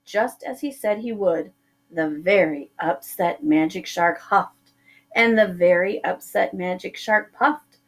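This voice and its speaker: A woman teacher narrating a children's storybook aloud, slow and expressive. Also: medium pitch.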